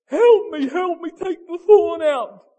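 A man's voice: animated, moderate pace, dark tone. A man acting out a desperate grown man who whines and pleads with God during a sermon. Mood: pleading, whiny. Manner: whiny, high and pleading.

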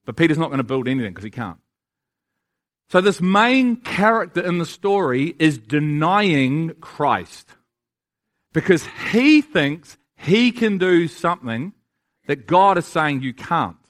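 A man's voice: fairly high pitch, sing-song, a little slow. A man preaching a sermon, emphatic and full of rhetorical questions to his listeners.

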